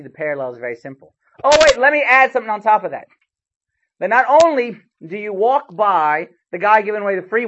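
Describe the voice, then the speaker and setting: A husky-voiced man delivers a sermon, his storytelling animated, jumping from loud, punchy exclamations to low asides. The recording is dull and lo-fi. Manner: animated storytelling with sharp swings in loudness. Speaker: preacher.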